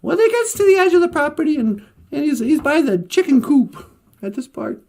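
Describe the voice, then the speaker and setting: A woman telling a story casually on a livestream, chatty and relaxed, often laughing as she goes. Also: sits high, a little fast.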